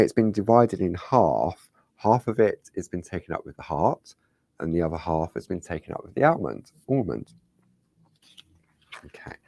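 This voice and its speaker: Man, deep voice, casual craft tutorial host, rambling and chatty, dry close sound. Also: darkish tone, no echo. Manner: chatty, rambling, asks viewers rhetorical questions. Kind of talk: casual step-by-step craft demonstration.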